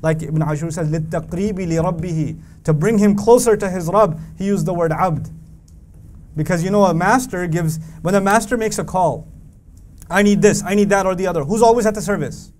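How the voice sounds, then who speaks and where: Male Quran teacher, raised pitch, animated lecturing style that recites Arabic verses, faint background noise. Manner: animated, asks the audience rhetorical questions; recites Arabic verses between English explanation. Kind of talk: religious lecture to a live audience.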